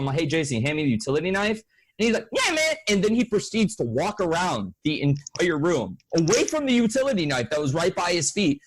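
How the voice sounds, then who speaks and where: A young man co-hosting a podcast, telling crude stories in casual chat and mimicking people he talks about. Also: fairly high pitch. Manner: profane, animated, mimics people in voices. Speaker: podcast co-host.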